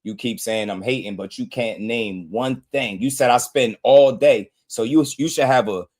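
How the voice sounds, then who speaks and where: A man's voice: mid-range voice, normal speed, a little mellow. A man with a mid-range voice running a live boxing stream, firing taunts at his chat. He chuckles between jabs and keeps calling out viewers by name, drawing out his put-downs. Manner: mocking, trash-talking viewers with frequent laughs; addresses chat directly, repeating names and taunts. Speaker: boxing livestream host.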